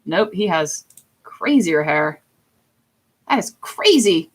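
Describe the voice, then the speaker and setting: Very animated yet slow, and pausing often, a young woman answers viewers on a live stream with widely swinging pitch. Her casual chat is giggly and self-deprecating.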